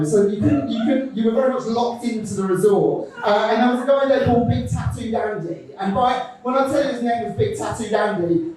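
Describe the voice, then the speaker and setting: A man performing a stand-up set, telling stories in an animated way and acting out his friends' voices. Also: extremely high pitch, far from the mic. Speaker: stand-up comedian. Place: comedy club stage. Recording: echoey room, voice from afar.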